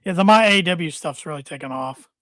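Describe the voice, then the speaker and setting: A man on a casual wrestling podcast, speaking a bit high for a man and stumbling over repeated words as he chats. His voice sounds close and dry, with no room echo. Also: animated, fairly bright tone. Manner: halting, repeats words often. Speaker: podcast co-host.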